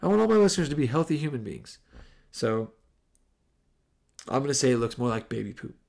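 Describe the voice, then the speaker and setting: A man's voice: mid-range voice, big pitch swings, fairly quick, gravelly, darkish tone. Rambling, chuckling male podcast host. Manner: rambling, laughs easily, breaks off mid-sentence. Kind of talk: casual podcast Q&A.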